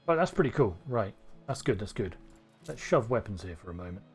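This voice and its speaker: A man's voice: lowish voice, big pitch swings, brisk, breathy edge, soft background music. A man from Cornwall with a neutral English accent, rambling and thinking aloud through casual gameplay commentary. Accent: neutral southern English. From Cornwall, England. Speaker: streamer.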